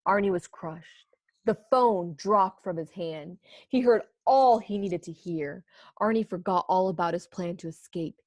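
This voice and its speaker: A woman's voice: fairly low pitch, dry recording, studio quality. Woman reading a storybook to kids. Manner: expressive storytelling, pausing to ask the listeners questions. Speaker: teacher. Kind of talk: reading a picture book aloud to students.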